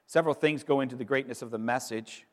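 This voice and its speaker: A middle-aged man preaching an Easter sermon as pastor, emphatic, pausing for effect and repeating words as he builds. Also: mid-range voice. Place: church sanctuary. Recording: long reverb in a large hall.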